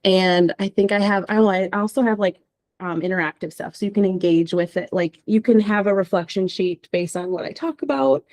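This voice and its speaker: A woman gives a casual talk to a small group about social media content, bubbly and chatty with plenty of ums and likes. Her voice sits at an everyday middle pitch. She sounds a little nervous, as a first-time presenter would. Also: fairly even intonation, moderate pace, a little mellow. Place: small in-person group session.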